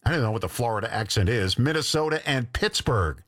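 A man's voice: medium pitch, expressive, a little fast, a bit bright, dry recording, studio quality. A man working as a radio DJ, chatting casually on air with joking asides between songs. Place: radio studio.

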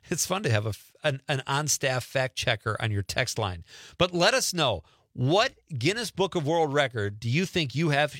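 Male radio host, bouncy expressive pitch, bright voice, dry studio sound, jokey banter. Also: no room sound. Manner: jokey, animated, laughs often.

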